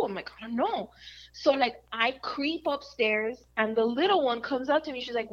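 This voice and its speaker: A woman chatting casually on a podcast, telling lively family stories and slipping in Spanish phrases. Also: a little high, brisk. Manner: animated storyteller, mixes Spanish phrases. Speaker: radio host guest. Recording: dull lo-fi audio.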